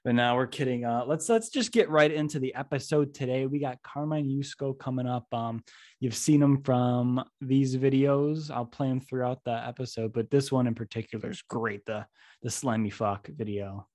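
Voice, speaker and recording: Guy hosting a podcast, laid back and jokey, regular pitch. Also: normal speed, a little mellow. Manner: chatty, joking. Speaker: podcast host. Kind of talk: casual podcast intro.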